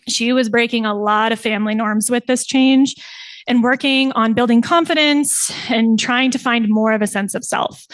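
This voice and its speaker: A woman's voice: a little high, no room sound. A young woman presenting her thesis, telling a client's story and animatedly acting out the quoted voices with laughs. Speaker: somatic practitioner presenting thesis.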